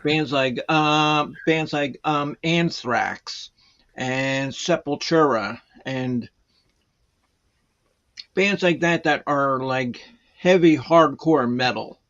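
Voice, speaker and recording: A man's voice: fairly high pitch, slow pace, fairly bright tone, highs cut off. A man guest chatting casually in a rambling, hesitant way, full of fillers. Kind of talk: casual chat.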